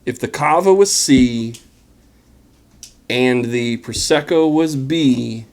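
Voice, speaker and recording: A man hosting a casual wine tasting, talking in a relaxed, chatty and enthusiastic way with plenty of fillers. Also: mid-range voice, slow pace. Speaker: wine vlogger.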